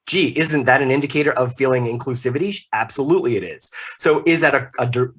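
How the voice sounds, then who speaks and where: A middle-aged man speaking as a podcast guest, animated and emphatic, with jokey asides. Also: mid-range voice, fast. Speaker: podcast guest, leadership consultant. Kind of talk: casual interview talk.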